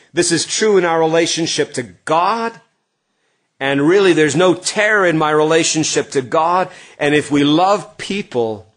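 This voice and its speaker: A middle-aged male pastor preaching earnestly, swinging from emphatic lines to hushed, quiet passages. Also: a little high. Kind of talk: sermon.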